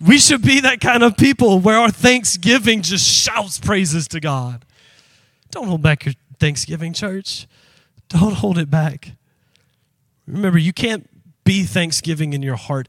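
Male pastor, high bright voice, fiery emphatic sermon delivery, dry close sound. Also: measured pace, no echo. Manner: impassioned, emphatic preaching; speaks directly to the congregation. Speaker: pastor and youth worker.

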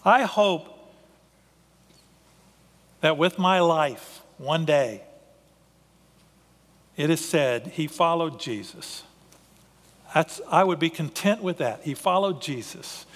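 A man's voice: on the high side, expressive, slow, long pauses. A man preaching a sermon as a pastor, earnest in manner, often restarting his sentences as he thinks aloud. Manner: earnest, with frequent restarts and filler. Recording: reverberant hall.

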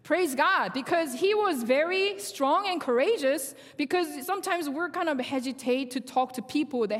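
A young woman with a Korean accent, a native Korean speaker, giving a sermon testimony in animated storytelling that acts out dialogue, with halting phrasing. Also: high-pitched. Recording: long hall reverb.

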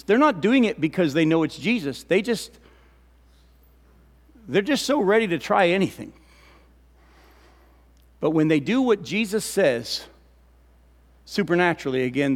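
High-voiced preaching man in an echoing hall. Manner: animated preaching, asks the congregation questions. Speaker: pastor. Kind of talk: sermon. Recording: long reverb of a church hall.

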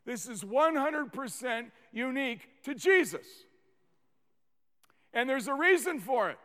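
A man preaching a sermon as pastor, in a deliberate and emphatic way with slow, stressed phrases. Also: very high voice, expressive, fairly bright tone. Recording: long reverb of a large hall.

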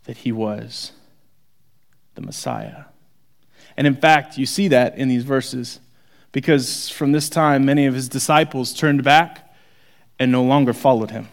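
A man preaching a sermon, shifting from hushed, intimate moments to forceful, rising emphasis. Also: medium pitch. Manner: dramatic, swings from hushed to forceful. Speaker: pastor.

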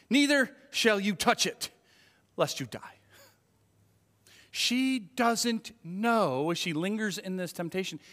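A man's voice: sits high, fairly bright tone. A man preaching a sermon as pastor, talking in a conversational way and acting out the voices he quotes. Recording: long hall reverb.

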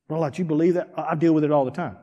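Male pastor, high pitch, animated sermon delivery from hushed to shouted, long hall reverb. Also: very fast, muffled recording. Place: church sanctuary.

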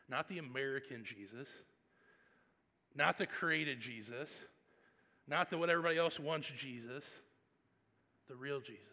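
A man preaching a sermon and telling a personal story, swinging between hushed, quiet passages and loud, animated ones. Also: medium pitch, in a large hall. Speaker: pastor.

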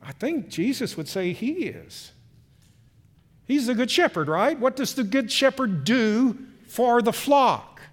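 Lively, high-voiced male preacher. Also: takes it slowly. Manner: expressive, swings from hushed to emphatic while reading scripture. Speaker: pastor. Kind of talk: sermon. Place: church or meeting room.

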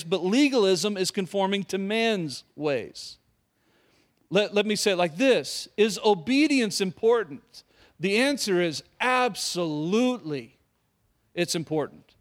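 High-voiced man preaching emphatically. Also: expressive, measured pace. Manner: emphatic, repeats key phrases, asks the congregation questions. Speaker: pastor. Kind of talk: sermon.

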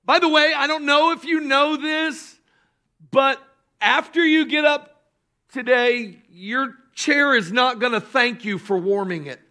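A pastor with a very high, bright, ringing voice delivers a sermon at an unhurried pace. He leans hard on key phrases, breaks into shouts for emphasis, and calls on the crowd to say lines back to him. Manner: emphatic preaching, bursts of shouting; calls on the congregation to respond.

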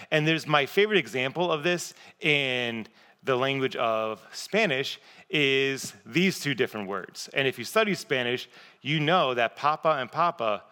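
A man's voice: medium pitch, sharp tone. A man preaching a sermon in a casual, conversational, self-deprecating way. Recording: long reverb of a large hall.

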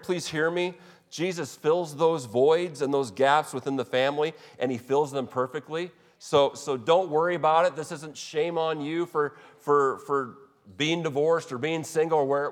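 A pastor preaches a sermon in a church sanctuary, earnest and emphatic, frequently restarting his phrases. His voice is a little high, with a steady tone and moderate pace, and the recording carries long hall reverb.

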